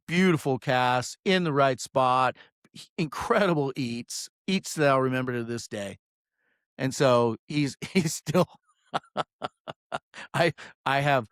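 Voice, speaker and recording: Man, fishing guide, casual rambling monologue, swears a lot, mid pitch, dry close mic. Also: dry recording. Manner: rambling, profane, many "um"s.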